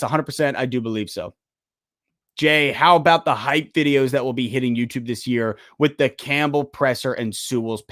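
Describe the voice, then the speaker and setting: A young man hosting a live sports stream, chatting casually and excitably while answering viewer questions. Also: medium pitch, dry recording, studio quality. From United States. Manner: casual, excitable, talks to chat directly. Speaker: sports channel host.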